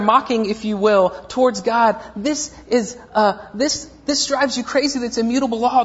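A man in his thirties preaching a sermon, telling a story with humorous, self-mocking asides. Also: very high voice. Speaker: pastor. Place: church sanctuary. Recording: echoey dull lo-fi church recording.

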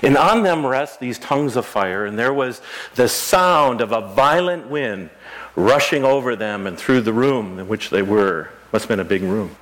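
A middle-aged pastor preaches in a church in an easy, conversational way. He asks the congregation questions, and his pitch rises and falls a lot as he talks. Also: expressive, moderate pace, a bit bright. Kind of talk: sermon. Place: church sanctuary.

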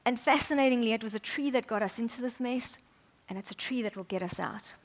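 A woman preaching a sermon, chatty and humorous, often dropping to soft, intimate tones. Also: fairly high pitch, fast talker.

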